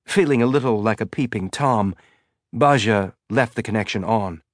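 A man reading a novel aloud in measured, tense scripted narration. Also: on the low side, no echo, clean studio sound. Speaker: audiobook narrator.

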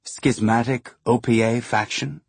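A man voicing a sharp, curious female journalist who speaks quickly and analytically, in an audiobook. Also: medium pitch, fairly even intonation, creaky, husky, no room sound. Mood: musing.

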